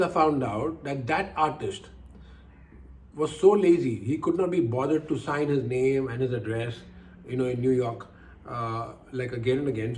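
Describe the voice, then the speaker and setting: Older guy telling his own stories as life lessons, animated, keeps repeating lines for emphasis. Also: medium pitch. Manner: animated, acts out quoted voices, repeats phrases for emphasis. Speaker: speaker giving life lessons. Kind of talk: personal storytelling talk.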